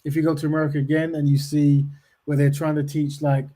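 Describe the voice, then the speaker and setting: A man's voice: a little high, level tone, fast, warm tone. A man hosting a casual discussion who repeats words as he starts a point and often agrees with "of course".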